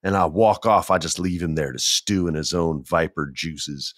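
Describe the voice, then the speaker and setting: A man telling a casual anecdote as a guest, animated, acting out what people said and laughing often. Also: a bass voice, normal speed, dry recording, studio quality.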